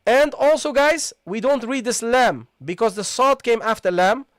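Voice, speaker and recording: A man teaching a live online recitation lesson. He explains step by step, repeats sounds slowly and keeps checking with "okay, guys?". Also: extremely high pitch, dry recording, studio quality.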